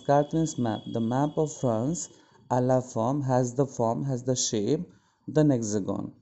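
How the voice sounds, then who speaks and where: A man teaching a French lesson, explaining slowly and translating phrase by phrase. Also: medium pitch, vocal fry, warm tone. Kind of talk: classroom lesson. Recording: dull lo-fi sound.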